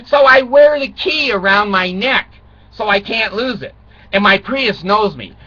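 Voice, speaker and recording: A man's voice: high-pitched, sing-song, unhurried, bright, forceful tone. An older man telling rambling, self-mocking comic stories, swearing and chuckling, on a dull lo-fi recording. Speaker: vlogger.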